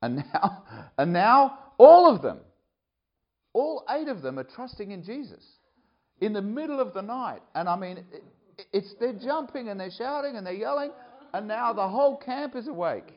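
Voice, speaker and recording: An animated male preacher telling a story from the pulpit, his voice climbing and falling with lively swings of pitch. The recording sounds slightly dull and lo-fi. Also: moderate pace. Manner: animated, rising excitedly when telling the story, with laughs. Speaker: preacher, camp director. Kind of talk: sermon storytelling.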